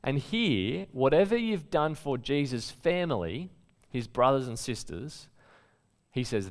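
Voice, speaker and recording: A man's voice: medium pitch, unhurried. Aussie guy preaching, chatty, voice jumping up and down a lot. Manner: conversational preaching with lively storytelling and emphatic quotes. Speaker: pastor. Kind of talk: sermon.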